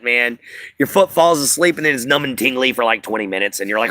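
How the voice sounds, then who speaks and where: A man's voice: mid-range voice, brisk, sharp tone, no room sound. A man hosting a casual live stream, rambling to his viewers with lots of fillers. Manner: rambling, filler-heavy, talks to chat. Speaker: livestream host. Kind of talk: casual livestream chat.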